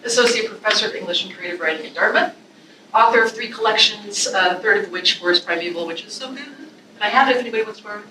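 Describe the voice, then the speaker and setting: A woman's voice: medium pitch, fast, noisy background. A woman college English instructor giving a classroom presentation, chatting in asides and reading a poem aloud with feeling. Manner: expressive, emotional, chatty asides with fillers. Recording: echoey room from a distance.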